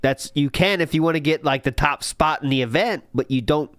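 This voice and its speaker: A podcast host in casual reaction chat, talking in an excitable, mocking way. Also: male voice, fairly high pitch, fairly quick, dry recording, studio quality.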